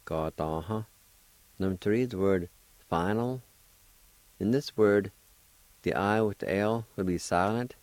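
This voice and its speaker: Man, radio language teacher, very low voice, slow and patient, dry studio sound. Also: darkish tone, no echo. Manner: deliberate, spells out and repeats each syllable.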